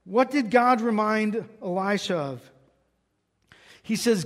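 A man with a strikingly high voice preaches a sermon. He tells a scripture story and rises in pitch and force for the quotes. A long reverb trails behind his words. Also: slow, pauses often. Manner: storytelling, quoting scripture with raised voice.

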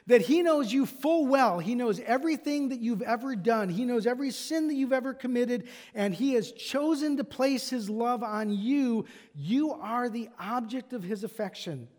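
High-pitched guy preaching, emphatic, lots of rhetorical questions, big echoey church. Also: a little mellow. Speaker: pastor. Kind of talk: sermon. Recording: long reverb of a large hall.

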